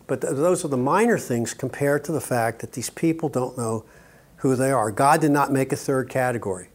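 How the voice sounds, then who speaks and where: A man's voice: mid-range voice, moderate pace. An older man giving a sermon-style teaching talk at a conference, speaking emphatically, with joking asides and frequent "okay?" checks to his audience.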